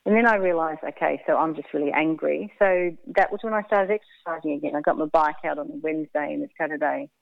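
Blunt, candid woman, deep and gravelly, dry phone-line audio. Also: no echo. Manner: frank, blunt, halting with fillers and restarts. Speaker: interview guest. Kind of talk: candid emotional storytelling.

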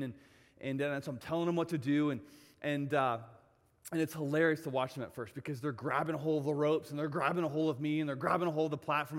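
A man's voice: on the high side, in a large hall. A male pastor preaching a sermon in a church, telling stories and repeating phrases for emphasis.

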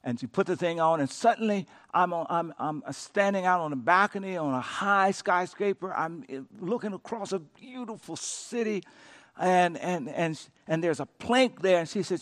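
A man preaching a sermon as pastor, telling a story with dramatic rises and hushed repeated words. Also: high-pitched, animated, moderate pace. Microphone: podcast recording of a sermon.

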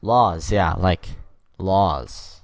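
A man's voice: sits low, extremely slow, gravelly, dry recording, clean studio sound. A man from Canada co-hosting a podcast in a playful, rambling, casual comedic chat. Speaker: podcast co-host.

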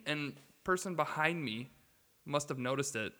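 Minnesota guy ranting a story on a podcast, bright edgy voice, lots of reverb. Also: a little high, moderate pace, vocal fry. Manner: animated storyteller who acts out quotes, swears. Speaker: podcast co-host. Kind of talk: casual chat, storytelling.

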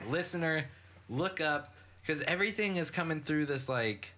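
A man's voice: medium pitch, bright, forceful tone. A man hosting a podcast, chatting casually, laughing and swearing, skeptical. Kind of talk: casual chat.

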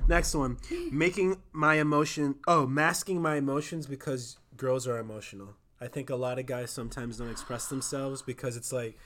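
Loud, passionate young man on a podcast. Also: mid-range voice, normal speed, hardly any pauses. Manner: loud and passionate, argues with emphasis. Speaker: podcast co-host. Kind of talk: casual couple chat.

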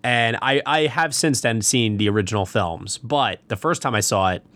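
A man's voice: mid-range voice, moderate pace, fairly bright tone. A man hosting a podcast, chatting casually and gushing with enthusiasm about a film. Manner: enthusiastic, gushing, repeats himself. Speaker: podcast host. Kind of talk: casual film review chat.

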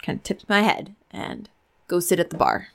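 A woman's voice: on the low side, normal speed, vocal fry, a bit bright. A woman playing a tabletop role-playing game, speaking in a matter-of-fact, dry way. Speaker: player. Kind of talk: tabletop role-play chat.

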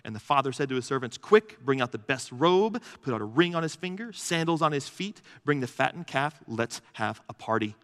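A man's voice: medium pitch, brisk, few pauses, a bit bright. A man pastor giving a sermon, earnest and emphatic, building lists of phrases to a peak. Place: church hall. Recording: long reverb of a large hall.

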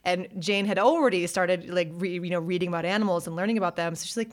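Woman, casual storytelling, laughs often, high excited quotes, animated. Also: fast talker, few pauses. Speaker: podcast co-host.

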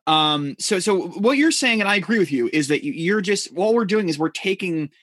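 A man's voice: high-pitched, lively intonation, a little fast, fairly bright tone, no echo, clean studio sound. Wry, joking male podcast host. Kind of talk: casual podcast chat.

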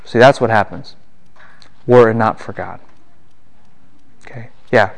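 A man lecturing a class on the Bible, animated and full of rhetorical questions. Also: lowish voice, a little slow, vocal fry.

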